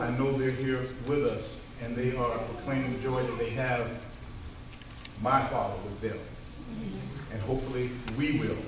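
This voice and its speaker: A man's voice: medium pitch, noisy background. A man speaking at his father's funeral, telling stories with emotion and calling out to the congregation. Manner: emotional, storytelling, calls out "Amen". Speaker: son giving a eulogy. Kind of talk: heartfelt funeral speech. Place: church service. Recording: echoey room, mic from far off.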